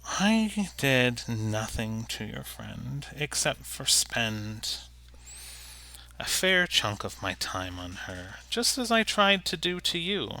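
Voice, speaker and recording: A man's voice: mid-range voice, sing-song, slow, vocal fry, bright, forceful tone, heavily acted, poor audio. Man doing a sly, smug goblin. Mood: menacing. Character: smug scheming male goblin wish-maker.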